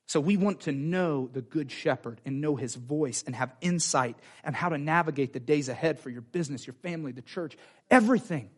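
Fervent preacher, high voice. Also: male voice, fairly quick. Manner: animated preaching, acts out quoted voices, repeats phrases. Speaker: pastor. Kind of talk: sermon. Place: church sanctuary.

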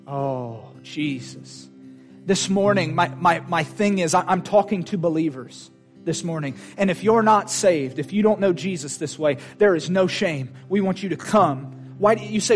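Male preacher, fervent sermon delivery, slightly high pitch, faint music bed. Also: expressive, a little slow. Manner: fervent, emphatic, repetitive exhortation.

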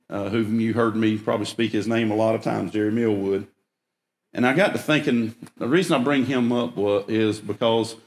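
A man's voice: on the low side, echoey room. A man preaching a sermon as a pastor, emphatic, rising when he stresses a point.

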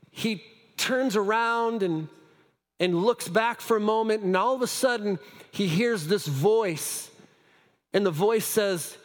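A high-pitched male pastor preaching in a church hall with a long echo. He tells his story with stumbling restarts, then sinks to hushed lines. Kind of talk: sermon.

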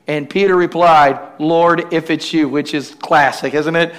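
Guy preaching a sermon, pretty high voice, does call and response with the crowd. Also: fairly even intonation, measured pace, hardly any pauses. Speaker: pastor.

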